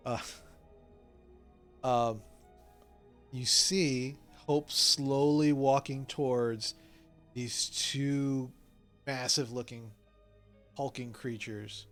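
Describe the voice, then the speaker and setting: A man narrating as game master, telling the scene in a relaxed way with many fillers. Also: mid-range voice, drawn-out words, pauses often, faint music behind. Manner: filler-heavy, relaxed storytelling.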